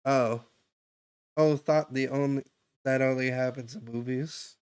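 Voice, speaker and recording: A man's voice: medium pitch, fairly even intonation, a little slow, a little mellow, smooth. A young man streaming live, talking loosely and at length as he gives a stranger casual advice, full of fillers and restarts. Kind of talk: casual chat giving advice.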